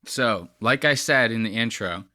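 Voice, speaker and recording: A man's voice: lowish voice, unhurried, sharp tone, no echo, studio quality. A man hosting a podcast, talking bluntly in casual profane commentary and throwing in slang like bro and buddy. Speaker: podcast host.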